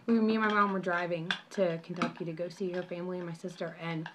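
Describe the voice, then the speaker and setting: A woman's voice: lowish voice, little pitch movement, fast talker, background noise. A young woman telling a story in a casual vlog, rambling and apologetic with many restarts, recorded on her phone at home. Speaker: vlogger.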